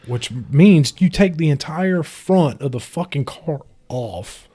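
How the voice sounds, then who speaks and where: A man's voice: a little high, animated, slow, mellow. A man telling a profane, swear-heavy story in casual podcast chat. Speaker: podcast guest.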